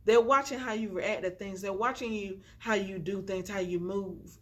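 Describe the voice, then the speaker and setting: A woman's voice: medium pitch, steady tone, normal speed. Chatty woman vlogger preaching y'all. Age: young adult. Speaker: inspirational vlogger. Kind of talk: casual encouraging talk to camera. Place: at home on the floor, indoors. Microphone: phone on a tripod with ring light.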